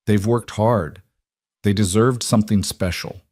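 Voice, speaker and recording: Brief: man doing a low, terse cowboy, guarded, dry close sound. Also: measured pace, darkish tone, no echo. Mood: plain. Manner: terse and firm.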